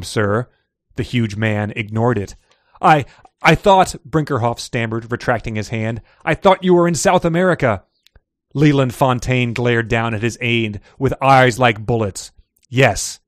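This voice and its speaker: A man's voice: mid-range voice, no echo, studio quality. A man co-hosting a casual podcast, reading fiction excerpts aloud with light character voices and frequent laughter.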